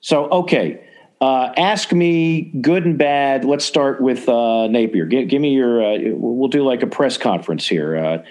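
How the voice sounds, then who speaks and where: A male podcast host in casual sports talk. He rambles eagerly through his opinions, circling back and restarting his sentences, at a mid male pitch. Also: unhurried, a little mellow.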